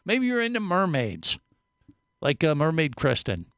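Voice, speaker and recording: A man's voice: on the high side, huge pitch swings, unhurried, a bit bright, clean tone, no echo. A man hosting a radio talk show in a studio, joking around and rambling with lots of fillers. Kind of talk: casual radio chat.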